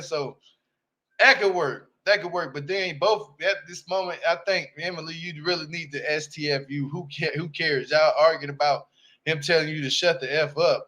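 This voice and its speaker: A man's voice: high-pitched, sharp tone. A young man in AAVE giving blunt, brash, slang-heavy casual commentary on a reality show, often asking "you hear me?". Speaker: reality TV reviewer.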